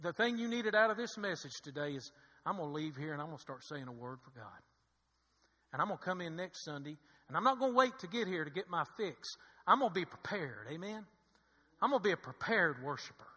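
A male pastor preaching a sermon, emphatic and repetitive, calling for amens, swinging between loud exhortation and low, hushed intensity. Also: very animated, brisk. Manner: emphatic, repetitive preaching with call-and-response "amen". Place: church sanctuary. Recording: reverberant hall.

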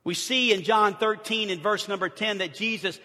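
A man preaching a sermon as pastor, animated, swinging from loud bursts to hushed asides. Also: high-pitched, normal speed, long reverb tail.

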